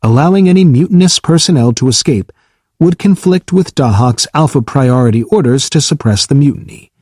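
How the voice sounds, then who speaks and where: A coolly formal battleship AI lays out its reasoning in a measured, precise way, as a man reads it in an audiobook. The voice is a touch husky and mid-pitched. The recording is close and dry. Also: expressive, darkish tone, no room sound, close to an everyday voice. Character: calm formal self-aware battleship AI. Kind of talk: audiobook character reading.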